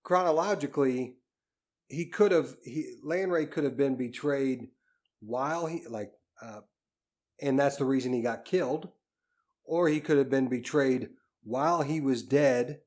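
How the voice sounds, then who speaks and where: A man's voice: mid-range voice, a little slow, darkish tone. A man co-hosting a podcast, tentatively working through his ideas with frequent restarts. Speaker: podcast co-host. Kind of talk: casual podcast discussion.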